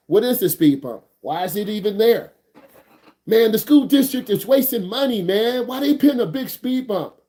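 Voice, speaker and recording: A man's voice: high voice, darkish tone. A man teaching an online driving class, hyped and slangy, repeating his questions and joking with students. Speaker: driving instructor.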